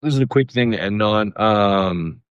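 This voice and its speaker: A comedian hosting a casual solo podcast, animated and profane, jumping his voice around to act out what people said. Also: normal speed, clean tone, no echo, lo-fi sound. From Canada. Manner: animated, profane, acts out quoted voices with big pitch jumps. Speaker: comedian host.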